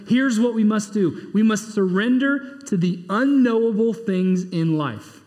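A man preaching in a high, bright voice. He swings from emphatic, rising bursts down to low, quiet asides. His words ring out with a long reverb from a church hall. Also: expressive, measured pace, few pauses. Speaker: pastor. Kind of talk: sermon.

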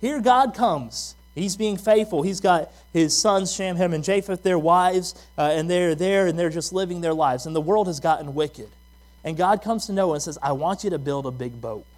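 A man's voice: sits high, moderate pace, darkish tone. A man preaching a sermon as pastor, talking casually, telling stories about himself and asking the listeners questions. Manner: conversational preaching with personal stories and rhetorical questions.

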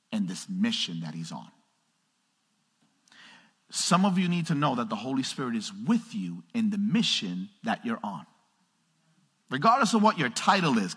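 Male pastor, energetic sermon, bright and a touch husky, big reverberant church hall. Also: mid-range voice. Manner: energetic, calls out to the congregation, swings from loud to hushed. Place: church sanctuary. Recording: long reverb of a large hall.

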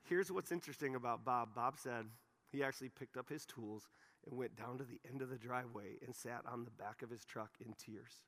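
A man preaching a sermon, telling a story with animated, repetitive phrasing in a church hall. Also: mid-range voice, brisk. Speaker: pastor.

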